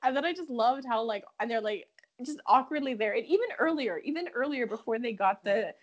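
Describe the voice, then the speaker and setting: A woman co-hosting a casual podcast, talking in a high, bouncy voice that swoops all over. She is animated and giggly, full of fillers and quick laughs. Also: muffled recording. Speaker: podcast co-host. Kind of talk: casual chat recapping a soap opera.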